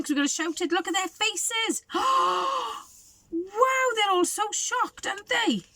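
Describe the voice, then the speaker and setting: A woman's voice: very high voice, animated, slow pace, pushed and bright, dry recording. A woman reading a picture book aloud to children, asking them coaxing questions. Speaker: storybook reader for children.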